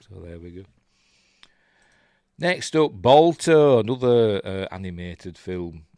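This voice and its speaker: This host is an older man from Yorkshire, England, who speaks slowly with fairly low pitch, lively intonation and a darkish tone. He chuckles and rambles through a casual live stream, reading out viewer comments, with no room sound.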